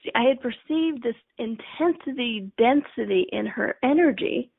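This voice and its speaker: A woman coach talks on a live stream in a chatty way and acts out each quote. Her voice is gravelly and a little breathy, and it sits a bit high. The sound is dry and tinny, like a phone line. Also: lively intonation, moderate pace, no room sound. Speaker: life coach.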